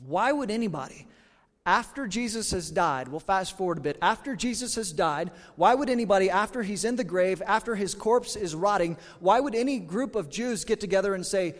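A man's voice: sits high, normal speed, hardly any pauses. A man preaching a sermon to a congregation, telling stories and acting out quotes. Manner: animated storytelling with acted-out quotes. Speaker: pastor. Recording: hall reverb.

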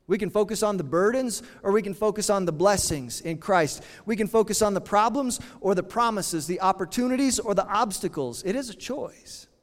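A pastor preaching a sermon in an earnest, conversational way, with dramatic pauses. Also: male voice, sits high, big-room sound.

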